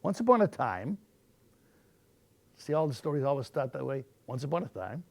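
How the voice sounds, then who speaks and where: A man reads picture books aloud at storytime, his voice rising and falling with animated expression. He takes his time, with a gravelly texture in a close, dry recording. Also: a little high, dry recording. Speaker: storytime reader.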